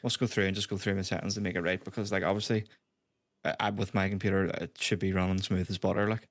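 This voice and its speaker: A man's voice: low voice, fairly even intonation, fast, no room sound. A man with a Northern Irish accent chatting offhand about games as co-host of a podcast. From Northern Ireland. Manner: laid-back, offhand, sweary. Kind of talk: casual gaming chat.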